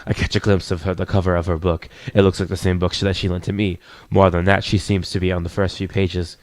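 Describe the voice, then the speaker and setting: A man reading a visual novel aloud as a let's player, adding quick asides between the narration. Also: sits low, flat delivery, no room sound.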